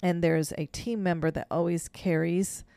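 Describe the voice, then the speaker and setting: Laughing often, a woman co-hosting a podcast narrates a story in a relaxed chat and acts out people's lines. Her lowish voice is creaky yet clear and resonant, moving at a moderate pace without any echo.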